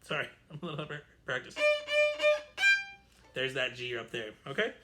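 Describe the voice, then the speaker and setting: A man's voice: medium pitch, moderate pace, loud music behind the voice. A man teaching an online string orchestra lesson, chatty and explanatory, correcting himself as he goes. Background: violin playing.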